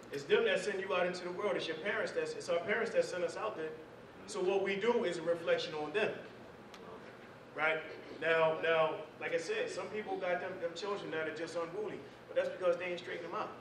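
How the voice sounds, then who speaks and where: The same civic class speaker, his voice sitting high, talks loosely to a small group, sprinkling slang and scripture into his informal lecture. He's recorded from across an indoor meeting room on a far-off camera mic, so the sound is echoey and noisy.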